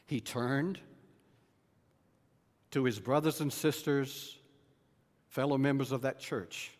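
A man preaching a sermon, telling a personal story with dramatic swings and quiet, hushed moments. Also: medium pitch, takes it slowly. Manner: dramatic storyteller, dropping to a hush in tender moments. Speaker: pastor. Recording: reverberant hall.

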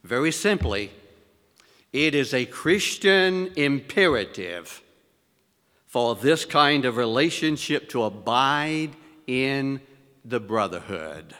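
Male preacher, slow deliberate delivery, rhetorical questions, long hall reverb. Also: medium pitch, animated, sharp tone. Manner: reads scripture in elevated, rising tones. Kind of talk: sermon.

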